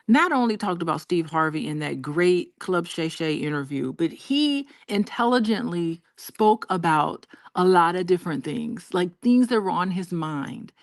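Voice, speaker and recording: A woman's voice: fairly low pitch, dry recording, studio quality. Frank woman co-host from Alabama. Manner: frank, opinionated. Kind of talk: casual commentary.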